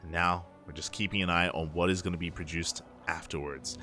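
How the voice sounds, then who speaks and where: Lively man casting a live game. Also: low-pitched, fairly quick, soft background music. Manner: lively and joking, laughs often, talks to the chat. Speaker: esports caster. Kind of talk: live play-by-play game commentary.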